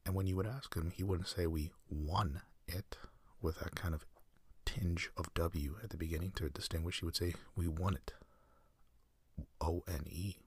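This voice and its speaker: A man hosting a sleep podcast, talking in a soft, slow, meandering half-whisper with dry self-mocking humor. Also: deep voice, steady tone, breathy edge, no room sound. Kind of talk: rambling whispered bedtime monologue.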